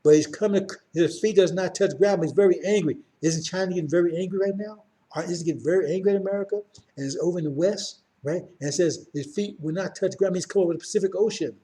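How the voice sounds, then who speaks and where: Speaking fast in a high voice with a dark tone, a middle-aged man leads an informal Bible class with emphasis. He often turns to his listeners with "right?" and "see?" to check in.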